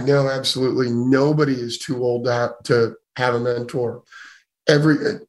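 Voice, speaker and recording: A hoarse man hosting a casual conversation, answering questions with enthusiasm and confidence. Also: mid-range voice, rough recording.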